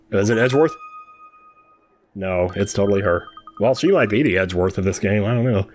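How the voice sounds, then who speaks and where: A man's voice: lowish voice, animated, a little fast, darkish tone, a little hiss or hum. A man chatting casually and joking while playing through a game for the first time. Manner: chatty, joking, reacts with laughs. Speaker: game streamer. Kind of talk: casual blind playthrough commentary.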